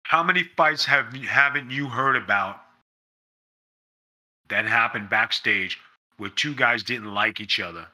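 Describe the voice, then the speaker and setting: A man's voice: mid-range voice, unhurried, long pauses, bright, forceful tone. A man being interviewed, talking in a blunt, emphatic way and swearing freely. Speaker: interview guest, former pro wrestler. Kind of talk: casual interview storytelling.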